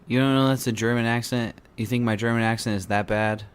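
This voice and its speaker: A man's voice: medium pitch, steady tone, quick pace, hardly any pauses, smooth. A man hosting a casual podcast chat, joking and rambling with many restarts. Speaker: podcast host.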